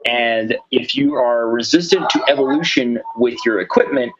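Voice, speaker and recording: A man's voice: mid-range voice, moderate pace, dull audio, noisy background. A man co-hosting a casual chat, chiming in with short reactions and questions.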